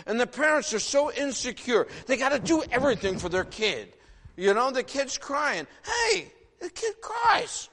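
A man in his sixties, originally from the northern United States, preaching a sermon in an animated, folksy way, full of rhetorical questions. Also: very high-pitched, moderate pace. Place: church sanctuary. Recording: long reverb of a large hall.

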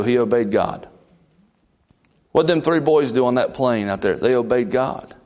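Folksy preacher. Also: male voice, a little mellow. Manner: folksy, conversational preaching with sudden pitch leaps. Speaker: pastor. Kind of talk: sermon.

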